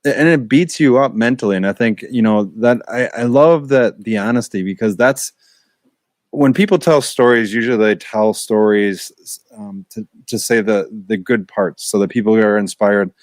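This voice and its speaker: Podcast host man, mid-pitched, dry sound. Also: normal speed, a little mellow, dry recording. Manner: short affirming interjections. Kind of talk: casual interview chat.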